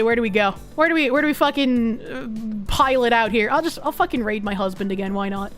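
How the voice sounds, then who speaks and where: A young woman with a Boston accent, chatting casually on a live stream, profane and excitable with bursts of yelling. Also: on the high side, a little fast, few pauses, soft background music. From Boston, USA. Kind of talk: casual live-stream chat reading comments.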